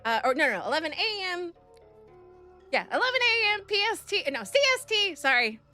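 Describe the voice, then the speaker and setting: A young woman streams to her chat in a high, bright voice. She is bubbly and excitable and swoops up and down in pitch as she greets people, with soft music playing behind her. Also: a little fast. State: nervous and excited.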